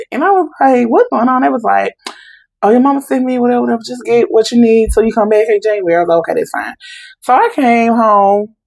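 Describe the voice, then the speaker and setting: A woman's voice: lowish voice, vocal fry, breathy edge, no echo, poor audio. A young adult woman, a podcast guest, animatedly retelling a family story and acting out the voices in it. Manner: animated retelling with quoted dialogue in Southern Black vernacular. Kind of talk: casual storytelling.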